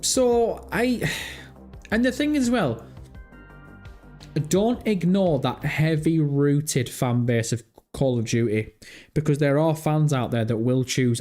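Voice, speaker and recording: Guy rambling on his gaming stream, mid pitch, bit of music faint underneath. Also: a little mellow. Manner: rambling, thinks aloud, reads chat and search results. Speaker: gaming livestream host. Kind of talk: casual livestream chat.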